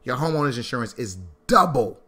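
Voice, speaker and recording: Animated preacherly man teaching finances. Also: a little fast. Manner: preacherly, animated, repeats lines for emphasis; swings from low asides to loud high-pitched bursts. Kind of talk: sermon-style financial talk.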